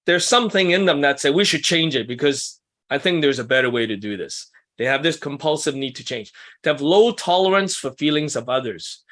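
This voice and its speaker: Man workshop leader, somewhat high voice, chatty and self-deprecating, talking to a small group in a meeting room. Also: bright, forceful tone. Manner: conversational, asks the group questions, self-deprecating asides. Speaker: workshop leader for ministry couples. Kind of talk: casual teaching talk to a small group.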